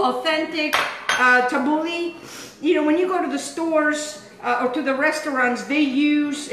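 Bright, chatty woman cooking at home. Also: high-pitched, echoey room, rough recording. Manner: chatty, rambling, enthusiastic. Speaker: cooking show host. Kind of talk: casual cooking demonstration. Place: home kitchen.

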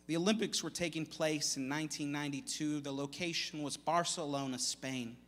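A male pastor preaching a dramatic sermon, moving between hushed lines and loud ones. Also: on the high side, normal speed, in a large hall. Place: church sanctuary.

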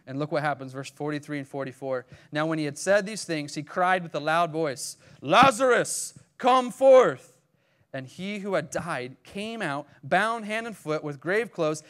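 Caribbean male preacher, smooth and fairly high voice, lively storyteller who bursts into loud cries. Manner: animated storytelling, acts out the scripture scenes with sudden loud cries. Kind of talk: sermon.

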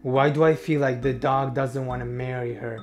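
A man's voice: mid-range voice, little pitch movement, moderate pace, soft background music. A young man reacting to a TV clip in casual, sarcastic commentary, talking straight to his viewers.

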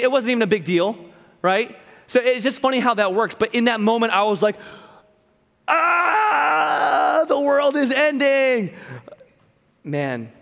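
A man's voice: sits high, fairly bright tone, long reverb tail. A young man giving a sermon as a pastor, telling a personal story in a conversational way with lots of repeats and fillers. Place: church hall.

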